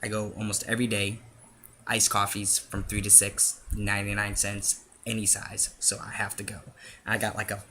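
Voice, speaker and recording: A man's voice: on the low side, monotone, normal speed, sharp tone, a little hiss or hum. A man telling a casual story-time vlog, rambling and interrupting himself as he goes. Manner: rambling, self-interrupting, chatty.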